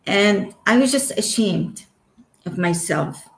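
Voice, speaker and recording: A woman from Egypt in her forties, telling her personal near-death story as an interview guest, earnest and searching, with quick giggles and restarts. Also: mid-range voice, expressive, echoey room, poor audio. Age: 40s. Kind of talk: emotional personal testimony.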